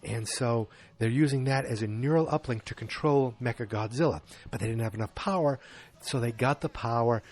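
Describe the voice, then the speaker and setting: A man's voice: medium pitch, a little fast, darkish tone. A male podcast host walks through a film plot in a loose, rambling way. He drops in sarcastic jokes and admits what he doesn't understand. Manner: rambling, sarcastic, self-deprecating asides. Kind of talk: casual movie recap.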